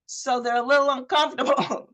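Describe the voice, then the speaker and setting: A woman coach giving an energetic live online workshop, asking the audience questions and acting out quoted speech with a lifted voice. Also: sits high, brisk. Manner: energetic, talks straight to the audience with repeated questions. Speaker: presentation coach. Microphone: video call.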